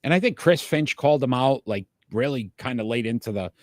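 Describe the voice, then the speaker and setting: A man hosting a casual sports talk show, chatty and quick to laugh, calling out to his live viewers. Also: medium pitch, animated, no room sound, studio quality. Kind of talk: casual sports picks chat.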